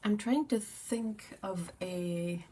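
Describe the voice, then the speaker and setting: A woman's voice: mid-range voice, slow, warm tone, slightly rough. A woman hosting a casual livestream, chatting in a rambling way with lots of fillers. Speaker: livestream host.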